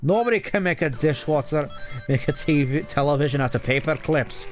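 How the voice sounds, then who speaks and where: Guy doing tails w a scottish accent, know-it-all young fox, kinda high voice. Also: animated, a little fast, soft background music, close to an everyday voice. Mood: smug. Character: clever young male fox sidekick.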